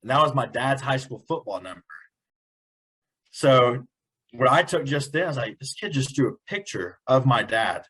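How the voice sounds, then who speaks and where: A man's voice: mid-range voice, lively intonation, moderate pace, a bit bright, slightly rough, rough recording. A young adult man, a teacher on a podcast, telling a personal story in an earnest, casual way and often repeating words. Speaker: podcast guest, special education teacher.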